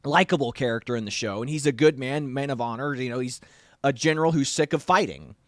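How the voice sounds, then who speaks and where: A man's voice: medium pitch, quick pace, no room sound, clean studio sound. A man co-hosting a casual movie review show, rambling, with many restarts and fillers. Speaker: podcast co-host.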